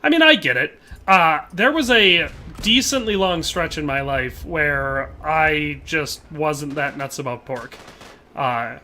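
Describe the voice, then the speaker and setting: Young male streamer, casual gameplay chatter, bright tone, headset mic, faint noise behind. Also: fairly high pitch, expressive, slow pace. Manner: chatty, laughs often, trails off mid-sentence. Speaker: livestreamer. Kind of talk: casual gameplay commentary reading chat.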